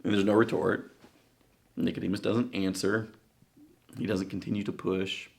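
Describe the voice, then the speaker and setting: A man preaching a sermon in a conversational, halting way, with frequent fillers and restarts. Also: on the low side, little pitch movement, vocal fry.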